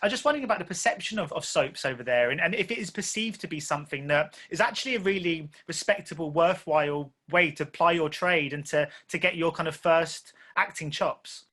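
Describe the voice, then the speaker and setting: Fast-talking male film interviewer. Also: on the high side, bright, forceful tone. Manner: rambling, chatty questions. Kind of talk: casual press interview.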